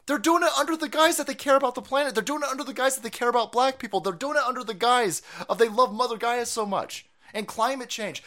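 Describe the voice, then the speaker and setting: A male streamer in a furious, profane political rant. His voice swings wildly in pitch, from low grumbles up to sharp yells. The tone is bright and cutting. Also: animated, fairly quick. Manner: profane, shouting, sarcastic. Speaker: streamer host. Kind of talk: angry political rant on a livestream.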